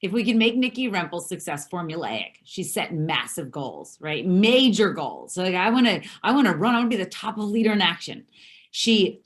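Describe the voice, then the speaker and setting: A woman leading a motivational team call, with a voice on the lower side. She backs up her guest and presses each point home with emphasis. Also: sing-song, a little fast. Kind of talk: motivational coaching chat.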